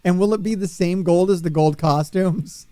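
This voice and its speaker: A man's voice: high voice, moderate pace, mellow. A man streaming a wrestling video game, commenting on it in a frustrated, ranting way and swearing. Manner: exasperated, swearing rants. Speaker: gaming streamer. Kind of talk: gameplay commentary.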